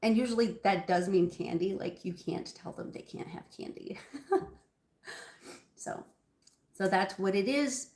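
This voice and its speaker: A woman hosts a live cooking stream from her home kitchen, chatting loosely with viewers and calling them by name. Her voice sits at a middling pitch and talk meanders with frequent ums. The kitchen gives a noticeable echo. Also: a little slow, pauses often, a little mellow. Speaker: cooking livestream host. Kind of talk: casual live cooking chat.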